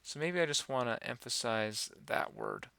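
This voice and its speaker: A man giving a relaxed, rambling software tutorial, talking through each step with many fillers. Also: mid-range voice, normal speed, gravelly, no echo. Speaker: animation instructor. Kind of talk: screen-recorded software tutorial.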